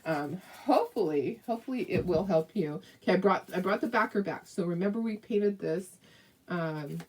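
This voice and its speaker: A woman's voice: on the low side, animated, moderate pace, far from the mic. A middle-aged woman hosting a casual live craft tutorial, chatty and rambling, with lots of fillers and frequent laughs. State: hiccups.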